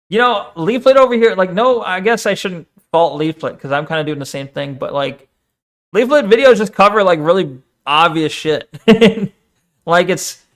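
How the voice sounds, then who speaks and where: Casual rambling male streamer, higher voice. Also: fairly bright tone. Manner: rambling, swears often, reads chat aloud.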